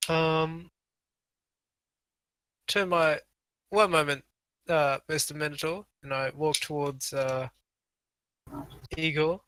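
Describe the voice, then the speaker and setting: A man playing a tabletop game, speaking hesitantly with many pauses. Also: on the high side, steady tone, pushed and bright, smooth, dry recording, low-quality recording. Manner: hesitant, full of ums. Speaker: player.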